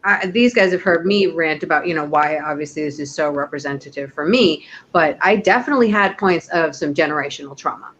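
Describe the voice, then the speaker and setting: A woman's voice: low voice, fairly quick, few pauses, fairly bright tone, slight background noise. A woman co-hosting a casual chat show, talking enthusiastically and personally. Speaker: co-host. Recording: dull lo-fi audio.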